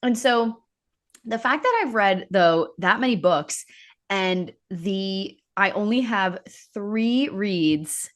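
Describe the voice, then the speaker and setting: A woman's voice: medium pitch, animated, slow pace. Chatty woman podcast co-host. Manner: chatty, self-correcting, laughs often. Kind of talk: casual chat about books.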